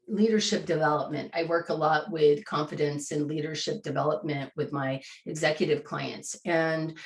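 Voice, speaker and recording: A woman teaching a live online coaching workshop, talking in an animated, conversational way and acting out the questions she would ask a client. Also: fairly low pitch, echoey room. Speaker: coaching trainer.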